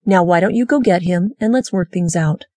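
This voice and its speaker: A woman's voice: lowish voice, normal speed, darkish tone, no echo, studio quality, close to an everyday voice. A woman voicing a tough, no-nonsense female police officer who talks in a firm, direct way.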